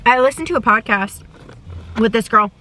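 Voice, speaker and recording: Bright-voiced woman chatting in a car. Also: a little high, lively intonation, normal speed. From United States. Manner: chatty, gushing, talks with her mouth full. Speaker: travel vlogger. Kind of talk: casual chat to camera while eating. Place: inside a parked car. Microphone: camera.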